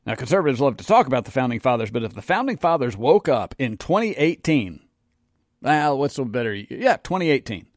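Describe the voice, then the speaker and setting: A man's voice: medium pitch, very animated, brisk, no echo. A middle-aged man with a sarcastic, emphatic manner, delivering an opinionated monologue in a studio as host. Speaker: political commentary host.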